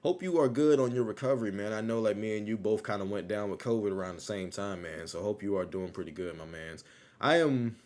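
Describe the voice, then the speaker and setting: A man's voice: lowish voice, fairly quick, a little mellow. Rambling man on a casual livestream. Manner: loose, rambling, repeats phrases, laughs easily. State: still low on energy after illness. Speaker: livestream host.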